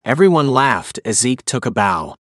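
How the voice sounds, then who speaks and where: A man narrating a first-person audiobook in an even, measured way. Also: medium pitch, no room sound, clean studio sound.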